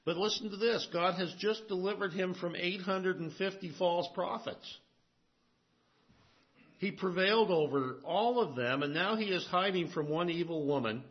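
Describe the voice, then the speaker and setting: A man preaching a sermon as pastor, swinging between emphatic, raised lines and hushed, low asides. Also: moderate pace, muffled recording.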